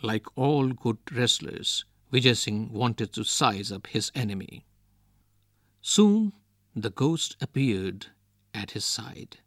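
A man reads a storybook aloud at a very slow, unhurried pace. His pitch rises and falls expressively, and the recording is dry and close. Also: animated, a bit bright, no room sound. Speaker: reader.

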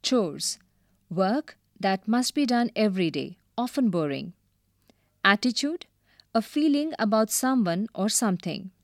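A woman teacher reading a storybook aloud and explaining new words slowly and carefully. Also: medium pitch, dry recording, clean studio sound. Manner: slow, careful and expressive.

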